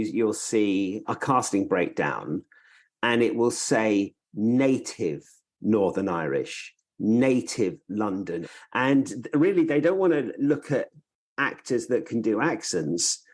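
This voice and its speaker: A man's voice: fairly low pitch, expressive, slow. Man hosting a podcast, thoughtful. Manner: thoughtful, asks long questions, laughs easily. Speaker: podcast host. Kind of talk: podcast interview.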